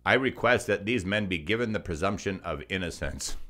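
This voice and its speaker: Sarcastic man, low voice. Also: expressive, a little fast, bright, forceful tone. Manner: sarcastic, mocking asides. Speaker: co-host. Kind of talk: scripted news commentary.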